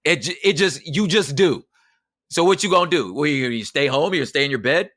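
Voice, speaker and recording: A man's voice: a little high, lively intonation, a little fast, a bit bright, no room sound, studio quality. A man talking as a podcast guest in casual conversation, emphatic and slangy, often adding "you know what I'm saying".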